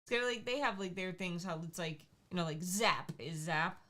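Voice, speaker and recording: A woman with a fairly low voice chats playfully on a livestream. She teases her co-host and hops from one topic to the next. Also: moderate pace, pushed and bright. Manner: teasing, playful, jumps between topics. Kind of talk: casual chat.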